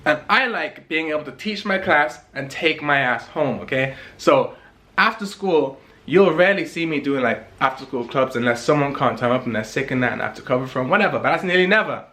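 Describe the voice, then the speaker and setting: A young man from England, telling a story in a casual vlog in an animated, emphatic way, repeating lines for effect. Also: on the high side, a little fast.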